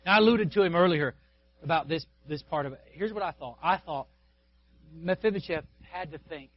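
A man preaching a sermon, telling a story with asides to the pastor and congregation, swinging between loud exhortation and hushed quiet. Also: fairly high pitch, brisk, a little hiss or hum. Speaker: guest preacher. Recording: dull lo-fi sound.

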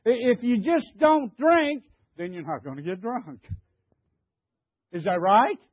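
A man's voice: very high-pitched, expressive, measured pace, no echo, muffled recording. An older man preaching a sermon, emphatic, stammering and repeating himself as he questions the congregation. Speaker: pastor.

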